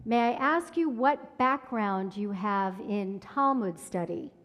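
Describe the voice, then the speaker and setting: A woman voicing a patient, wise old male rabbi who asks measured, teacherly questions in a sermon story. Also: mid-range voice, animated, fairly bright tone. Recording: reverberant sanctuary from afar.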